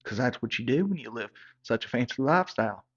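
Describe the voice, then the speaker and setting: A man telling a comic story in a folksy, deadpan manner. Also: medium pitch, fast talker. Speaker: comedic storyteller. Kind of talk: comedic character monologue. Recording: slightly dull lo-fi sound.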